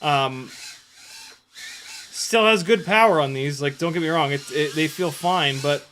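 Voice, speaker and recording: A man live-streaming indoor drone flights, commenting excitedly and answering chat questions, exclaiming and swearing at crashes. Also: fairly high pitch, measured pace, slight background noise. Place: house, indoors.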